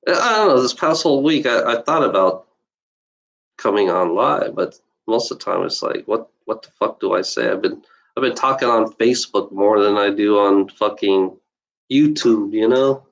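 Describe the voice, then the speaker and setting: A man's voice: lowish voice, expressive, normal speed, vocal fry, rough recording. A man ranting off the cuff on a livestream, repeating himself, swearing often and tagging lines with "you know". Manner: profane, repetitive, heated, constant "you know". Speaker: livestreaming video blogger. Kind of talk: unscripted rant to camera.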